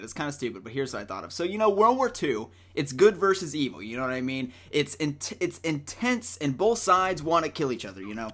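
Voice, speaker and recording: A man who is a guest in a casual movie debate. He is excitable and argumentative, with stumbling restarts. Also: a little high.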